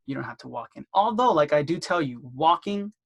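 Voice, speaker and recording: A man with a slightly high voice teaches in an easy, filler-heavy way, full of likes and rights. He keeps slipping into role-played phone calls, his pitch jumping up for the friendly receptionist lines. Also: lively intonation, fairly quick, creaky. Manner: acts out phone dialogues in a raised voice; loose, filler-heavy delivery. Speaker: dental marketing instructor. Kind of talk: casual instructional talk.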